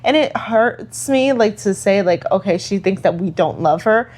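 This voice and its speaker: A woman's voice: mid-range voice, animated, moderate pace, darkish tone. A woman co-hosting a casual podcast about motherhood, talking in a reflective, earnest way with many fillers. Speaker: podcast co-host. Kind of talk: casual chat.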